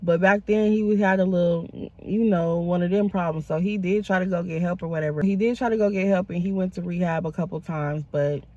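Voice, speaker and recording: A woman's voice: on the low side, fairly even intonation, fairly quick, a little mellow, no echo, highs cut off. A woman vlogger in telling a casual, profane storytime and calling her viewers y'all.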